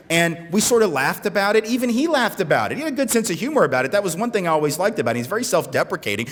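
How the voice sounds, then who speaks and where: Speaking on the high side, a US keynote speaker addresses a conference audience with lively energy, gesturing as he talks and checking in again and again with "right?" The recording carries the long reverb of the conference hall.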